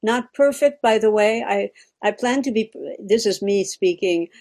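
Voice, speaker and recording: A Quebec woman whose first language is French speaks as a guest in a casual conversation, her mid-range voice dark in tone and a little slow. Thoughtful and searching, she reflects aloud, hunts for words, and often restarts.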